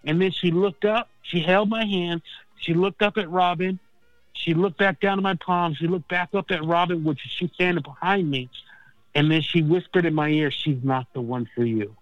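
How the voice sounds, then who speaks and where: A man calling in who tells a long story in a casual, animated way, swearing freely and saying "man" and "dude" all the time. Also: high voice, normal speed, dry recording, highs cut off. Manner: animated, profane, says man and dude constantly. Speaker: phone-in guest. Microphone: phone line.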